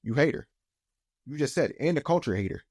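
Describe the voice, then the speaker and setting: A man's voice: medium pitch, expressive, fast talker, a little mellow, no room sound, clean studio sound. A man co-hosting a podcast in casual chat, heated and emphatic, talking in loose, repeated phrases with many fillers. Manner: heated, rising to emphatic outbursts. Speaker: podcast co-host.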